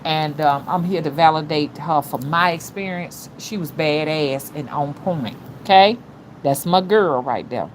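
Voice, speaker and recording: A woman's voice: low-pitched, a little slow, slight background noise. A middle-aged woman with an older-generation Alabama Southern accent, chatting casually with her livestream viewers in a folksy, repetitive way. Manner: chatty, folksy, repeats "you know what I'm saying". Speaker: spiritual rootworker host. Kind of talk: casual livestream chat reading viewer comments.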